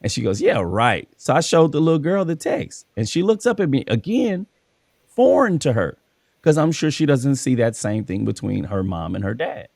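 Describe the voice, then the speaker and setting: A man hosting a casual podcast, who is also a school coach, tells stories from his coaching work and acts out the dialogue. His medium-pitched voice is sing-song, creaky, and a little mellow at a normal speed, recorded dry in clean studio sound.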